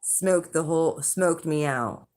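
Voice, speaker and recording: A woman with a fairly low-pitched voice tells a rambling, chatty story to her viewers. She swears freely, restarts her sentences and laughs along the way. Her delivery is loose and conversational. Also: takes it slowly, darkish tone. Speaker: channel host, intuitive reader. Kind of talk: casual storytelling to the camera.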